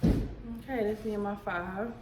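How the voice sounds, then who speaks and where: A woman telling her story in a chatty, animated home vlog, talking straight to her viewers. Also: mid-range voice, normal speed, heavy background noise. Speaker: vlogger. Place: home, indoors.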